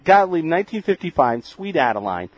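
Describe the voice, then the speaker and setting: A man's voice: on the high side, big pitch swings, brisk, slightly rough, no room sound. A man hosting a casual podcast who is jokey, chatty and easily amused. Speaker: podcast host. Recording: dull lo-fi podcast audio.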